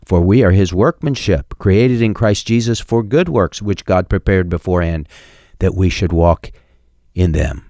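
A middle-aged man preaching a sermon, emphatic and building to sharp peaks, quoting scripture with chapter and verse. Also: low-pitched, moderate pace, no room sound. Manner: emphatic preaching, rising sharply on key points. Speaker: pastor.

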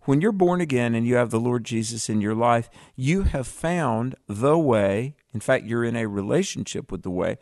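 A man co-hosting a Christian radio program, speaking to listeners in an earnest, preacherly way. His voice has a middle pitch and a dry, close studio sound. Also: animated, normal speed, hardly any pauses, darkish tone, no echo. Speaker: radio co-host. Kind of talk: Bible discussion on radio.

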